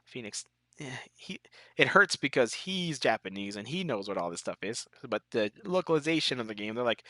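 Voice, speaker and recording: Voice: medium pitch, sing-song, a little fast, sharp tone, dry recording, clean studio sound. A let's player casually reading the game's text aloud, with joking asides. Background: game music.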